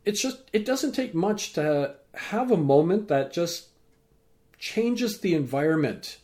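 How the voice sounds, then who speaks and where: A man guest on a podcast, a teacher and speaker, telling a story with lively acted-out dialogue. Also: on the high side, slow pace. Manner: animated, acts out quoted dialogue. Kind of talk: storytelling in an interview.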